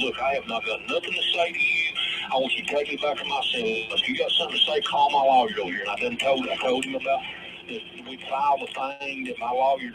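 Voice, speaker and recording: A man, a guest in an interview, telling his story in a rambling way, repeating himself and quoting others at length. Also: mid-range voice. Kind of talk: casual storytelling. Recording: loud background noise.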